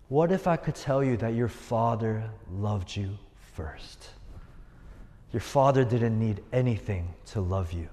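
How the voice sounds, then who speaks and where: A man's voice: mid-range voice, darkish tone. A man preaching as a youth pastor, telling stories earnestly and driving points home with repetition. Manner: earnest storytelling with emphatic repetition. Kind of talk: sermon. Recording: long hall reverb.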